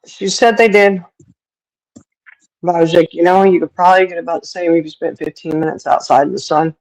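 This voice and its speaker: A woman chatting casually on a talk stream, spinning a story with frequent laughter. She jumps her pitch up when she quotes other people and drops in folksy sayings. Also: fairly quick, darkish tone, low-quality recording. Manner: mimics others with raised pitch. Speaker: podcast co-host. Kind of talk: casual chat.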